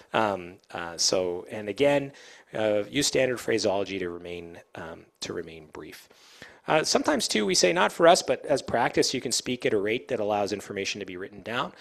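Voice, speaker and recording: A man who works as an air traffic controller, giving a casual, fast-paced talk to pilots with plenty of fillers and restarts. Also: fairly low pitch, creaky. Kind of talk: informal safety talk to pilots.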